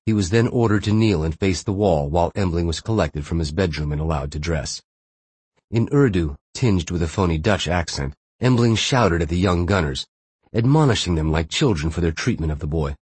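A man narrating a thriller audiobook in a steady, measured way. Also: low-pitched, husky, no echo.

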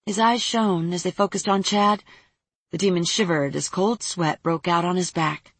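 A woman narrating a fantasy story aloud in a steady, even reading voice. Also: fairly low pitch, moderate pace, husky, no room sound.

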